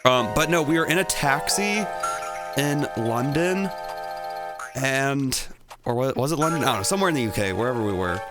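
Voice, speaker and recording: Rambling American man over loud game music. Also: mid-range voice, animated, moderate pace. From Tennessee, USA. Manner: rambling, distracted by gameplay, many fillers. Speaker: streamer. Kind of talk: casual storytelling while gaming.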